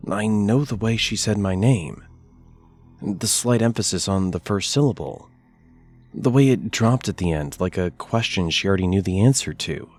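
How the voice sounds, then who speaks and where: A man narrating a first-person scary story in a measured, hushed delivery with deliberate pauses. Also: sits low.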